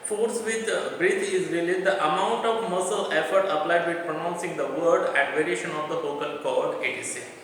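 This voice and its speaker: A male teacher from India gives a classroom lecture in a bright, somewhat high voice. He explains step by step, repeating and restarting words. He is heard from a distance in a roomy space with faint ambience. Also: normal speed, few pauses, a little hiss or hum. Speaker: college English teacher.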